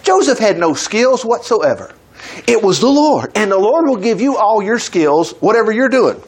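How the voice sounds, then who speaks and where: A man's voice: sits high, sing-song, normal speed, husky. A man teaching the Bible in a chatty, folksy way, breaking into exclaiming asides. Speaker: preacher.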